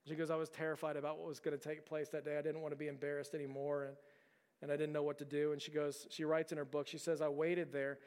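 A man preaching a sermon, telling a story in an earnest way that often stumbles over repeated words. His voice is resonant and somewhat high for a man. It rings out with the long reverb of a large hall. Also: monotone, quick pace, a little mellow, clean tone. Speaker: pastor.

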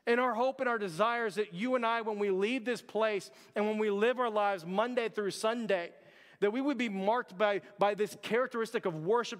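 A man preaching a sermon as pastor, earnest and conversational, often calling out to the church. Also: high-pitched. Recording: long hall reverb.

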